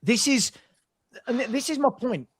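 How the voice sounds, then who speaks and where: A man's voice: extremely high pitch, expressive, breathy edge. Furious man ranting at his chat. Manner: angry, exasperated, swearing, rapid rhetorical questions. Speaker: watchalong host. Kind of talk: heated live-stream football rant.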